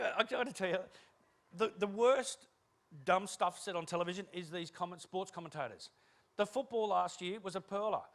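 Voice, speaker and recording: Man, keynote speaker: high voice, rapid-fire self-deprecating stories with acted-out dialogue. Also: gravelly, a bit bright. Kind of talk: humorous keynote storytelling.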